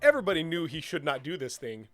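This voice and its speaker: Lively man gushing in casual chat. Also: on the high side, quick pace, faint music behind. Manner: enthusiastic, animated, laughs often. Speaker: podcast co-host.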